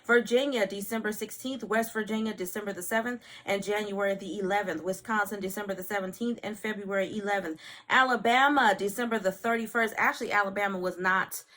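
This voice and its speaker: A woman in her thirties from California runs through the news in a loose, chatty way and keeps turning to her viewers. Her voice is bright and clear and sits at an ordinary pitch. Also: fairly even intonation, a little fast. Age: 30s. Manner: chatty, addresses viewers as y'all, repeats okay. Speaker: news vlogger. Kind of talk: casual news commentary to viewers.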